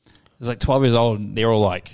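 A man's voice: medium pitch, steady tone, quick pace, a little mellow, clear, resonant tone. A man co-hosting a podcast, rambling through crude stories full of slang, swearing and laughter. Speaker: podcast co-host. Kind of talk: casual crude chat.

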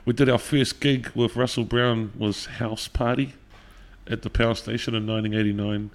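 A middle-aged man with a New Zealand accent tells stories in a relaxed interview. He talks animatedly, swears freely and laughs often. His voice sits at an ordinary pitch for a man. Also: normal speed. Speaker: podcast guest, musician. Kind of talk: casual interview storytelling.

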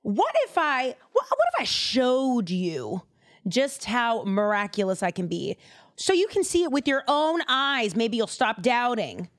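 A woman's voice: on the high side, very animated, a little slow, dry recording, clean studio sound. A woman voicing God as a breezy, coaxing male figure who gets a little exasperated, in a casual comic retelling. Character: impatient, buddy-like male God.

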